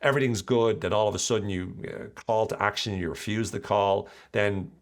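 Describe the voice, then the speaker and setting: A male podcast host talks through big ideas in a relaxed, animated monologue. His voice sits deep and low. He throws in self-deprecating jokes as he goes. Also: fairly quick. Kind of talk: casual explainer monologue.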